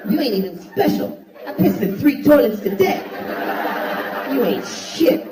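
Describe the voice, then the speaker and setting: A man's voice: extremely high pitch, very animated, unhurried, crowd noise, voice pushed up, exaggerated voice. A man acting out a crude guy taunting his toilet while peeing, trash-talking in a stand-up bit, recorded live in a roomy hall with the audience laughing. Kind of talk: stand-up act-out.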